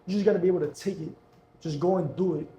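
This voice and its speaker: A man's voice: high-pitched, steady tone, quick pace, dark tone, echoey room, muffled recording, a little hiss or hum. A young man, a guest entrepreneur, talking casually and earnestly about hustle and faith, repeating himself for emphasis. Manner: earnest, repetitive, slangy pep talk. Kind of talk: casual motivational talk.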